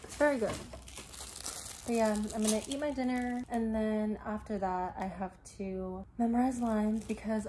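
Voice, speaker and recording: A young woman who is an actor, gushing in a casual vlog from her messy bedroom. She talks excitedly and leans on "like" a lot. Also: mid-range voice. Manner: gushing, excitable, heavy use of "like". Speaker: actor and vlogger. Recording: echoey room, mic at a distance, background noise.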